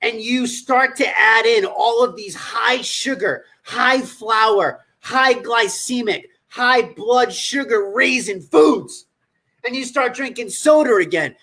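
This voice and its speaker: A man speaks on a livestream as a nutrition coach, with a husky, slightly rough voice. His talk is blunt and profane, and he scolds his listeners directly. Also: very high voice, slow, sharp tone.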